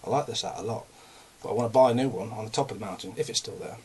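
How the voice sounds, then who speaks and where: A young English vlogger rants in a casual, rambling, self-mocking way, sounding a bit out of breath. His voice is lowish and darkish, and he talks rapid-fire and chattily over slight background noise.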